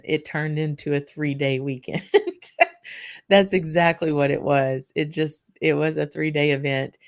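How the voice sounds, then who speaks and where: Tired woman with a gravelly low voice. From Louisiana. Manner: chatty, many fillers and restarts. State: tired, voice going hoarse. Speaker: whisky channel host. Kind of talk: casual vlog recap.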